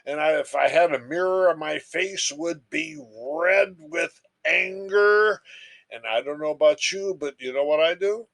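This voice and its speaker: A man's voice: a little high, a little slow, vocal fry, fairly bright tone. A man giving a recorded lecture, telling everyday stories in an emphatic, storytelling way.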